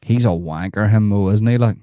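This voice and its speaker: A man's voice: fairly low pitch, fairly quick, warm tone, no echo, clean studio sound, soft background music. A middle-aged man, rambling and swearing as he hosts a live stream and retells conversations.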